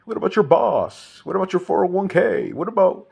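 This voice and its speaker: A squealing, nagging busybody who cannot believe anyone would leave a job, firing the same questions again and again. The voice shoots up into a shrill falsetto, far above the man's own low tone, and goes loud and frantic in a mocking comic rant. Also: big pitch swings, a little fast, vocal fry, husky, exaggerated voice. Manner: squealing, incredulous, repeats itself.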